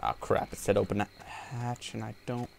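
A man's voice: on the low side, fairly even intonation, moderate pace, gravelly, darkish tone, slight background noise. A man giving casual let's-play commentary while gaming, joking and trash-talking as he plays. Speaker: gameplay commentator. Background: game music and gunfire.

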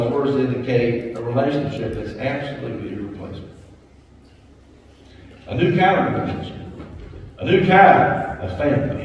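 A middle-aged man preaching a sermon as pastor, talking conversationally with soft asides and raised emphasis, in a church sanctuary. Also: on the high side, slight background noise. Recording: distant echoey church hall, dull and lo-fi.

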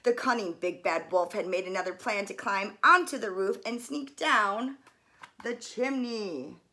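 A woman who coaches fitness reads a children's story at medium pitch, gently and with quiet pauses to point out what's in the pictures.

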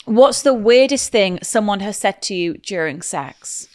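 A woman co-hosting a chatty podcast, trading quick-witted, giggly banter. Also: medium pitch, lively intonation. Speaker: podcast co-host. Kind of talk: casual chat.

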